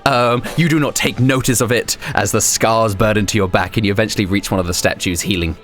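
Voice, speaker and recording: A man's voice: lowish voice, fairly even intonation, fairly quick, fairly bright tone, faint music behind. A man running a tabletop game as game master, rambling with fillers and laughing often.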